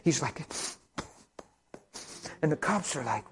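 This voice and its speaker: A male preacher telling a story in a sermon, dramatic, swinging from hushed near-whispers to excited shouts. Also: a little high, unhurried, long pauses, a crowd in the background.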